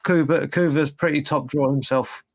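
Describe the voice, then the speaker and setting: A man chatting as a guest co-host on a podcast, relaxed and quick to laugh. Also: on the high side, dry recording. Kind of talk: casual chat.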